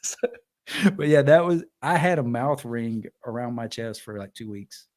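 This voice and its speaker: A man's voice: mid-range voice, normal speed. A man, telling stories in casual podcast chat and acting out the voices of the people he quotes. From Alabama. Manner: animated storyteller, acts out quoted voices. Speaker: podcast co-host.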